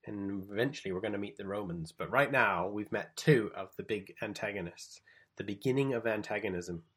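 A man's voice: on the low side, brisk, fairly bright tone, slightly rough. A man teaching from the Gospels, explaining the text and reading passages aloud with emphasis. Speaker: preacher. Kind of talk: bible teaching talk.

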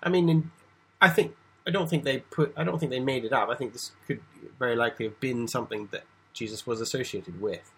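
Male Bible teacher, husky voice, loose conversational lecture. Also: mid-range voice, fairly quick, bright, forceful tone, poor audio. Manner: conversational, with frequent restarts and asides.

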